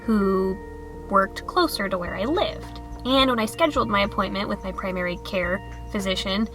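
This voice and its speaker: A woman vlogging in a casual, chatty way, bubbly and rambling with quick restarts. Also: medium pitch, music in the background.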